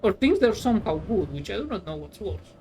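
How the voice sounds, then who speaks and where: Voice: mid-range voice, sing-song, fairly quick, a crowd in the background. A streamer chatting casually while playing a trucking game, rambling and sarcastic, swearing freely. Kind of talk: casual gameplay chat.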